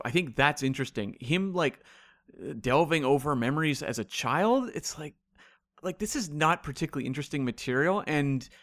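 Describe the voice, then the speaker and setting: Male co-host, relaxed conversational delivery, dry close sound, mid pitch. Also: dry recording. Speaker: podcast co-host. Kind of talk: casual discussion.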